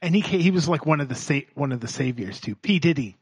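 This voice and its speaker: A man jumps into a casual comedy chat with quick remarks and frequent laughter. His voice is husky, and his pitch moves up and down in a lively way. The sound is dry and close. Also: dry recording. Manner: laughs often, short interjections. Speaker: podcast co-host.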